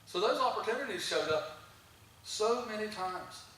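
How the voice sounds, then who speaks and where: A man speaking from the front of a church, telling stories in a chatty testimony with plenty of restarts and little chuckles. His voice is bright and forward, picked up from a distance in a very echoey sanctuary with a faint hiss underneath. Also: sits high, expressive, moderate pace. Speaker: guest speaker at a church service. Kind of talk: conversational testimony storytelling.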